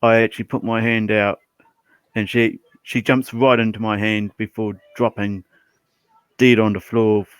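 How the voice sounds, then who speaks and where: Gruff man with a dry, lowish voice. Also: flat delivery, moderate pace, no echo. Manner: gruff and exasperated, with folksy exclamations. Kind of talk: casual livestream chat.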